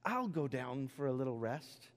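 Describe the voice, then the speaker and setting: A man in his thirties preaching a sermon, telling a self-deprecating personal story with animated delivery and sudden loud outbursts, in a church. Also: medium pitch, normal speed. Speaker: pastor. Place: church sanctuary. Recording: long reverb of a large hall.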